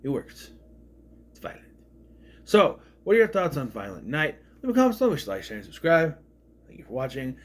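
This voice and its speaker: A man's voice: huge pitch swings, moderate pace, pauses often. A man giving a casual, rambling spoken review of a film, often restarting his sentences. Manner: rambling, restarts, swings in pitch and loudness. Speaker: movie reviewer.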